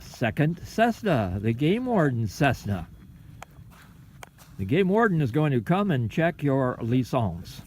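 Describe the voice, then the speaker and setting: A man chatting casually outdoors at a lake, slow and dryly teasing as he watches a friend fly, picked up by a camera mic. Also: mid-range voice, very animated, darkish tone, slight background noise. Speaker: fellow RC hobbyist and spotter. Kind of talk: casual chat. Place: outdoors at a lakeshore.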